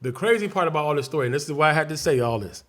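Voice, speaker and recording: A man's voice: a little high, animated, racing, fairly bright tone. A man from Chicago, a guest comedian, telling a story in a casual interview, acting out scenes and voices vividly.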